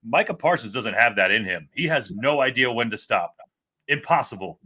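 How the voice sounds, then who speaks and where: A man with a bright, forceful voice talking football as a co-host. He's candid and excitable. He sounds like he's in his thirties. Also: mid-range voice, moderate pace, slightly rough. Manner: excitable, candid fan talk. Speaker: podcast co-host. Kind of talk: casual sports talk.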